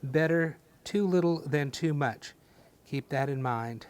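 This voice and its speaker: A man teaching a step-by-step painting class, talking gently and encouragingly with folksy little sayings. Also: a little high, a little slow, smooth. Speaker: painting instructor.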